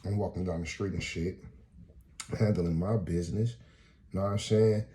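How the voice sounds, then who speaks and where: A man's voice: low voice, fairly even intonation, normal speed, mellow, a little hiss or hum. A man doing freestyle stand-up comedy, telling a story in profane, casual street talk.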